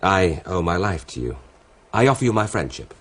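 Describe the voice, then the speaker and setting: An actor playing a boastful, hearty French hussar captain in a radio drama, theatrical and quick to laugh. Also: male voice, low voice, big pitch swings, a bit bright, full character voice. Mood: genial.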